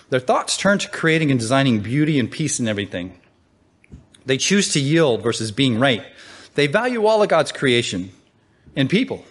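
Man giving a casual Bible teaching. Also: a little high. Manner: conversational, asks rhetorical questions, reads scripture aloud.

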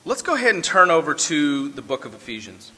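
A man preaching a sermon, mixing scripture reading with relaxed, folksy asides. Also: a little high, fairly quick, long reverb tail. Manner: conversational, folksy asides with fillers. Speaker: pastor.

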